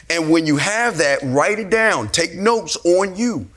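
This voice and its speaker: A man's voice: a little high, lively intonation, normal speed, few pauses, a bit bright. A man giving a blunt, profane motivational talk to a room of men and answering their questions. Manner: blunt, profane, emphatic and repetitive. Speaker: speaker at a men's seminar.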